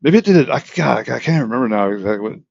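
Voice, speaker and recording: A man's voice: medium pitch, lively intonation, rapid-fire, vocal fry, darkish tone, lo-fi sound. A middle-aged man telling a long story in a casual, rambling way, full of restarts and vivid detail. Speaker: interview guest.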